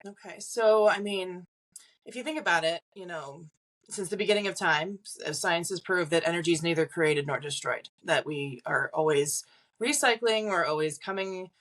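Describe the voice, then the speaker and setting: Chatty low-voiced woman medium. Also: moderate pace, a bit bright. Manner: chatty, acts out quoted voices, frequent "like" fillers; laughs between points. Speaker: psychic medium guest. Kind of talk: casual podcast interview.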